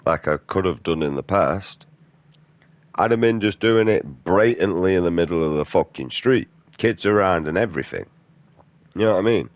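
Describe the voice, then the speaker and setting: A man's voice: low-pitched, lively intonation, moderate pace, dry recording, highs cut off. A man, a gaming streamer delivering an aggressive, profane rant in blunt slang. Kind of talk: angry off-topic rant during gameplay.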